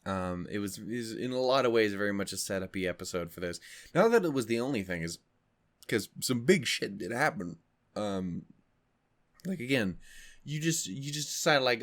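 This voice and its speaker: A man's voice: lowish voice, lively intonation, moderate pace. A man hosting a reaction video in casual chat, rambling and joking, swearing freely with many fillers and restarts.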